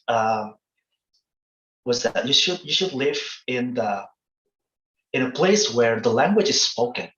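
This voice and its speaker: A man with an Indonesian accent giving relaxed feedback as a presenter in an online workshop, with lots of fillers. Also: mid-range voice, echoey room, highs cut off. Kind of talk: casual online workshop talk.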